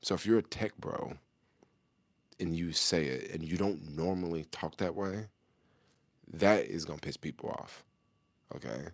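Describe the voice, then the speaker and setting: A man's voice: low-pitched, unhurried, pauses often, no echo. A middle-aged man talking casually to the camera in loose, slangy street talk, chuckling often as he answers a viewer's question.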